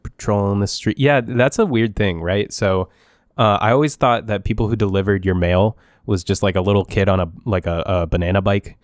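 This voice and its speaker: A young man co-hosting a podcast in casual chat, tossing in wry deadpan asides and easygoing banter. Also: on the low side, fairly quick, no room sound, clean studio sound. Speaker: podcast co-host.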